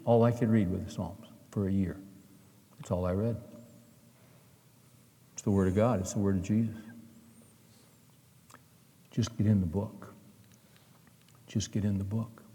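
A man's voice: mid-range voice, a little fast, mellow. A middle-aged male pastor preaching a sermon, telling stories with acted-out dialogue in an earnest way. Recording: long hall reverb.

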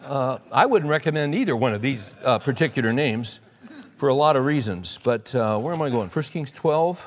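A man's voice: medium pitch, lively intonation, normal speed. Folksy male preacher in a reverberant hall. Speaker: pastor. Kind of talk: sermon.

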